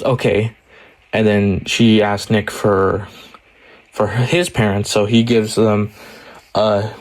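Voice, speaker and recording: A man's voice: on the low side, darkish tone. Rambling young man telling a story. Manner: rambling, heavy on fillers like "like" and "you know". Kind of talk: casual storytelling.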